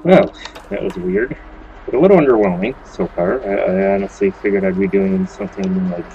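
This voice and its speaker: A man's voice: deep voice, moderate pace, dull audio. A man hosting a let's play, commenting on the game in a casual, joking way and swearing now and then.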